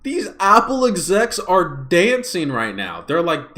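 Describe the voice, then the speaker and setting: A young man ranting in a casual livestream, exasperated and swinging his pitch widely, recorded on a smartphone. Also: wildly swooping pitch, takes it slowly, few pauses, sharp tone. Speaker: YouTuber streaming a watch party.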